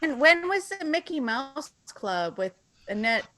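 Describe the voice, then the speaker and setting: A woman's voice: sits high, sing-song, measured pace, a crowd in the background. A middle-aged woman with a New England accent, co-hosting a show with playful banter. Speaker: radio show co-host. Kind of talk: casual banter.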